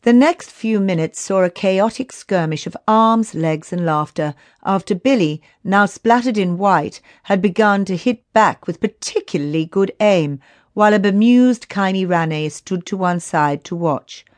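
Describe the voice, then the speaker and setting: A woman narrating a children's audiobook in a steady, unhurried way. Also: mid-range voice, no echo.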